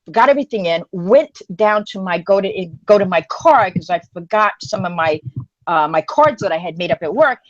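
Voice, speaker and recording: A woman co-hosting a live online community stream, telling a story in a rambling, animated way with lots of fillers and restarts. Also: dry recording, muffled recording. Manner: animated, acts out quoted voices in a higher pitch. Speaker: co-host of an online women's livestream community. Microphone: phone or webcam on a live stream.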